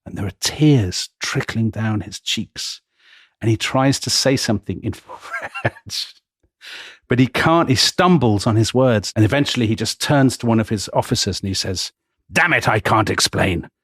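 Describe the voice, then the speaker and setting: A man's voice: medium pitch, moderate pace, husky, dry recording, clean studio sound. A man co-hosting a history podcast, retelling events dramatically with frequent laughs. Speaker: podcast co-host. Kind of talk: casual history podcast storytelling.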